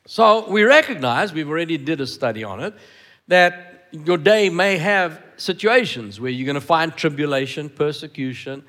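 A male pastor preaching with a fairly high, lively voice that rises and falls a lot. He stresses words by repeating them and keeps turning to the congregation with questions. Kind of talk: sermon. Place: church hall.

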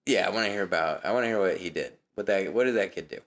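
A man's voice: low-pitched, rapid-fire, fairly bright tone. A man co-hosting a podcast, rambling through crude casual banter and laughing easily. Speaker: podcast co-host.

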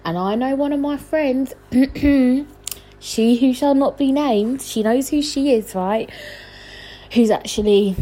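A young woman, hosting a casual solo podcast from home at night, rambling and chatty with lots of fillers and laughs, talking quietly. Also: mid-range voice, slightly rough, poor audio. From London. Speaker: podcast host.

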